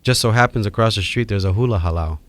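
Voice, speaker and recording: A middle-aged man, a podcast guest telling a story in casual, animated chat and acting out the people in it. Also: on the low side, fast talker, no echo. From Hawaii. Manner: animated, acts out quoted voices.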